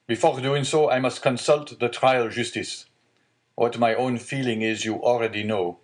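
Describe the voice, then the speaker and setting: A man's voice: medium pitch, normal speed, natural voice. A man voicing a stern male magistrate who hides his panic in a read-aloud storybook, with a curt, commanding delivery.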